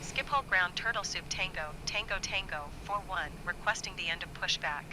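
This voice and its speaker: A woman's voice: lowish voice, fairly quick, close to an everyday voice. A woman voicing a synthetic air traffic controller in clipped, formal radio phrasing.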